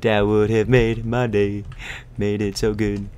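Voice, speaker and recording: A man's voice: on the low side, level tone, moderate pace, smooth. A young man giving goofy, rambling commentary while playing a game, close to his mic. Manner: goofy, rambling, bursts of shouting and whispers. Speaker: gaming YouTuber. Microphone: close desk mic.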